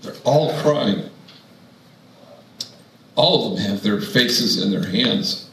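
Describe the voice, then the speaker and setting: A priest with a fairly low voice tells stories from the pulpit, wry at first and then earnest. His voice rings in a roomy hall, with a faint hum of the room behind him. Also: animated, takes it slowly. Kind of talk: storytelling sermon to an audience.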